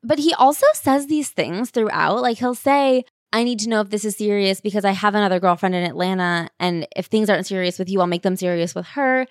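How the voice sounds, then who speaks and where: A woman's voice: mid-range voice, fairly quick, hardly any pauses, dry recording. A woman co-hosting a casual book-recap chat, adding dry, wry remarks as she tells parts of the story. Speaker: podcast co-host.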